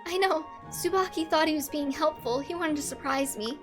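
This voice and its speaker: A woman's voice: sits high, moderate pace, over music, lightly acted. A woman voicing a shy, easily flustered young princess in a game scene.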